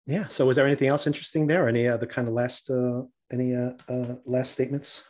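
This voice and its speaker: A man's voice: mid-range voice, little pitch movement, fast, darkish tone. A man from New Jersey co-hosting a podcast in casual chat, talking loosely with many fillers and frequent laughs. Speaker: podcast co-host.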